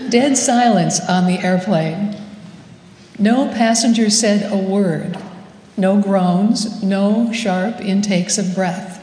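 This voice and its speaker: Woman pastor, slow measured sermon, mellow voice, long hall reverb. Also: mid-range voice. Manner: slow, measured storytelling with gentle humor.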